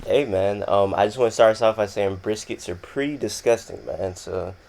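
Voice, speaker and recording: A man's voice: on the low side, normal speed, gravelly, heavy background noise. A young man from Florida hosting a casual interview, laid-back and saying "man" often. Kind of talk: casual chat.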